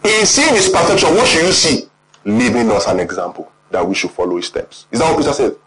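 A man with a Nigerian accent preaching a sermon, animated and often quizzing the congregation. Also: mid-range voice, a little fast, rough recording.

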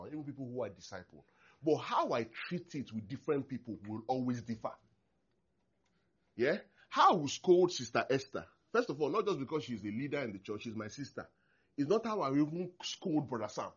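A man, a pastor preaching a sermon in an animated way, acting out prayers and laughing often. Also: mid-range voice, breathy edge. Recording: dull lo-fi recording.

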